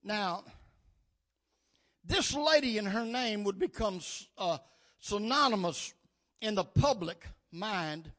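High, bright-voiced preaching man. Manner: preaching with rising bursts and calls of amen. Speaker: pastor. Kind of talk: sermon.

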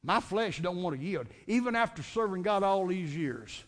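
A man's voice: sits high, animated, moderate pace. A man preaching a fervent Sunday night sermon, repeating and restarting phrases as he builds his points.

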